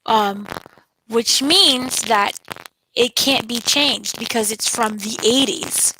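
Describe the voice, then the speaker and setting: A woman co-hosting a casual spoiler recap, retelling scenes in an animated way with playful voices. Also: a little high, slow, noisy background. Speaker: entertainment editor, co-host.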